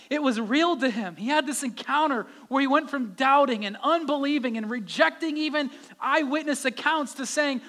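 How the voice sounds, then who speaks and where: A man's voice: very high voice, normal speed, hardly any pauses, bright, forceful tone. A male pastor giving a conversational sermon, his voice rising with emphasis at key points.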